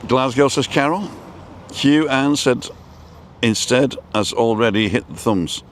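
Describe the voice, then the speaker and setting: A man's voice: medium pitch, unhurried, a little hiss or hum. A man hosting a casual outdoor live stream, rambling and reading out viewer comments as he goes.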